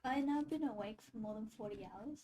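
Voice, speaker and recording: Give me a woman with a high voice, flustered and rambling in a tabletop game. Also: quick pace, mellow, a little hiss or hum, low-quality recording. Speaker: player. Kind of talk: in-character tabletop play.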